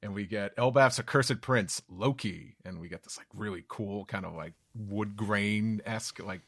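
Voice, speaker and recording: A man with a New York accent hosts a casual podcast, recapping a comic chapter in a low, gravelly voice. He rambles and drops into playful put-on voices for the characters. The sound is close and dry. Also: moderate pace, dry recording. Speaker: podcast host.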